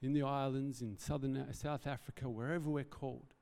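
This pastor's sermon is earnest and conversational, punctuated by self-deprecating asides. His warm, mellow, creaky voice sits mid-range with fairly even intonation and a moderate pace, echoing through a hall with long reverb.

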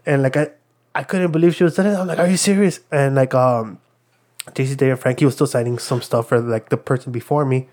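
A man's voice: mid-range voice, steady tone, fairly quick, a little mellow. A man telling a long story in casual chat, rambling with many fillers and acting out what others said.

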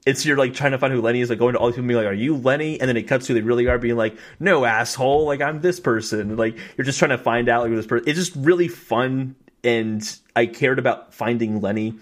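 A young man co-hosting a podcast, telling stories in an excited, fast, casual way with many fillers and acted-out quotes. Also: medium pitch. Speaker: podcast co-host. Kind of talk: casual chat.

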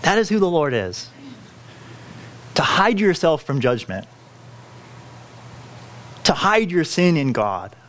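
A male pastor delivering a sermon in an earnest, pleading way. His voice sits a little high for a man and swings widely in pitch. He often restarts his phrases mid-thought. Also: sing-song, slow, pauses often, fairly bright tone, slight background noise. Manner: earnest, pleading, self-correcting with frequent restarts.

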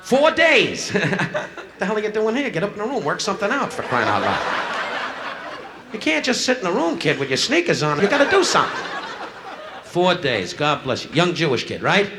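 A man's voice: a little high, wildly swooping pitch, fairly quick. A man doing live insult comedy, brashly heckling people in the audience. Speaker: stand-up comedian. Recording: noisy 1960s live club recording. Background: audience laughter.

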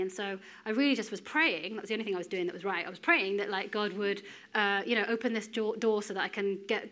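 Woman, thirties, preacher, chatty sermon storytelling, mid-pitched voice. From United Kingdom. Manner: conversational storytelling with lively asides.

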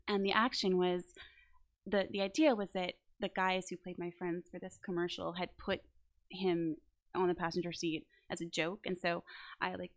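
A woman telling a story on a podcast in an ordinary, mid-pitched voice. She talks in a casual, animated way, acting out what people said and laughing as she goes. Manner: animated storyteller, acts out quotes, laughs often. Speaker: actor guest. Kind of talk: casual anecdote. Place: New Orleans.

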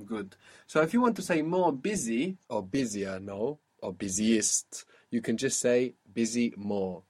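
A man teaching a one-on-one spoken language lesson, patiently explaining and modelling words slowly. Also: medium pitch, expressive, a little mellow, breathy edge.

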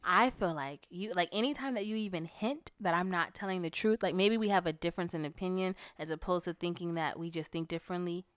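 A woman's voice: fairly low pitch, brisk, few pauses, fairly bright tone, clean tone, no room sound. A woman co-hosting a casual couples podcast, telling her side of a story and quoting herself and her partner. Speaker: podcast co-host.

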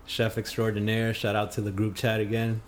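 A man's voice: lowish voice, monotone, brisk, a little hiss or hum. A man co-hosting a podcast in casual chat, playful and joking. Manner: playful, jokey. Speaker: podcast co-host.

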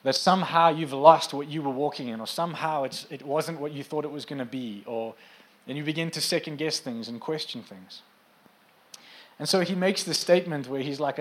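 Here a preacher with a somewhat high voice talks at a fairly fast pace. His sermon feels loose and conversational, dotted with remarks to the congregation, until he turns forceful to press a point home.

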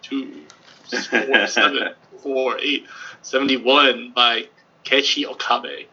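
A man joining a gaming podcast as a guest, talking casually and excitably, with laughs and stumbling repeats. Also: medium pitch, slow pace, slight background noise. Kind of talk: casual chat. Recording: dull lo-fi audio.

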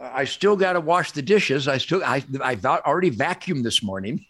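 Animated, bright-voiced older man. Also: fairly high pitch, a little fast, hardly any pauses, slightly rough. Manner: emphatic, boastful, laughs often while telling stories. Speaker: guest. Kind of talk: animated storytelling in conversation.

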